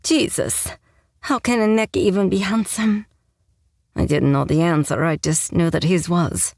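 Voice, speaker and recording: A woman's voice: lowish voice, steady tone, unhurried, darkish tone, no echo. A woman narrating a first-person romance audiobook with a wry, sarcastic tone, on a close mic.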